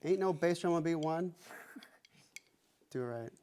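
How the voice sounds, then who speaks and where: A man's voice: fairly high pitch, unhurried, heavy background noise. A man teaching drums in a music lesson, talking plainly and counting beats aloud as he plays. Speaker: drum teacher. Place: music room with drum kit. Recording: drums loud behind the voice.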